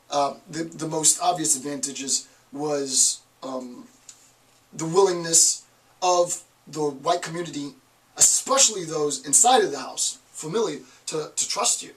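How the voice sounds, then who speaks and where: Emphatic lecturer with a Northeast accent. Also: male voice, on the high side, recorded from a distance, poor audio. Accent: Northeast American. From Northeastern United States. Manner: animated, emphatic, asks rhetorical questions. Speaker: college lecturer. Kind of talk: classroom lecture.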